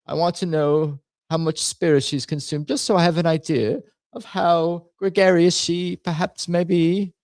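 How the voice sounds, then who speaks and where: A man's voice: a little high, little pitch movement, very fast, hardly any pauses, warm tone, no echo, pitched above the performer's own voice, natural voice. A man voicing a prim, overly formal man who makes stiff, pompous requests and fumbles his words. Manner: stilted, pompous, word-fumbling.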